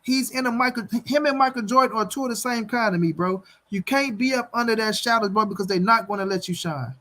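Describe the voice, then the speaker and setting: High-voiced man ranting to viewers. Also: quick pace, bright, forceful tone. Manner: blunt, profane, talks straight to viewers; repeats his points for emphasis. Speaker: boxing channel host. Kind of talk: livestream commentary rant.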